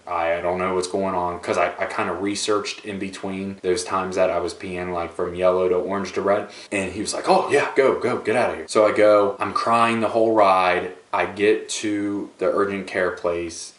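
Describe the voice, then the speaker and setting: A young man casually telling a personal story to his viewers, animated and playful with dramatic asides. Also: deep voice, far from the mic. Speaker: vlogger. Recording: echoey room, voice a bit off-mic.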